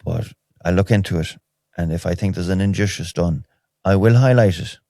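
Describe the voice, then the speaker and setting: A man's voice: low voice, normal speed, mellow, dry recording, studio quality. A man with an Irish accent hosting a solo podcast, talking in a candid, wry, rambling way with lots of restarts. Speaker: podcast host. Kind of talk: solo podcast, casual chat.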